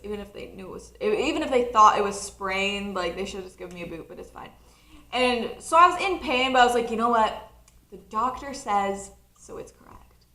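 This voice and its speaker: A nineteen-year-old woman telling a personal story in a casual vlog, chatty and animated, often laughing. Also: fairly high pitch, roomy sound. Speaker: college student vlogger.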